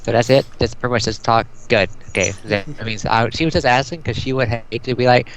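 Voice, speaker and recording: Give me a man in a tabletop game asking careful questions, mid pitch. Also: fairly quick, hardly any pauses, slight background noise, poor audio. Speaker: player. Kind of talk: casual game chat.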